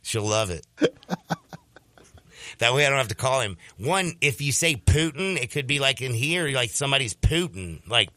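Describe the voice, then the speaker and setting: A man hosting a sports radio show, telling a story in a casual, animated way and slipping into voices when he quotes people. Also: mid-range voice, normal speed, a little hiss or hum.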